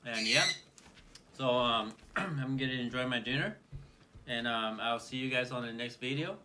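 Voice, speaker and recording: A man hosting a casual food vlog, talking in a relaxed, chatty way with lots of fillers while he eats. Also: medium pitch, normal speed, slight background noise. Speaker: channel host.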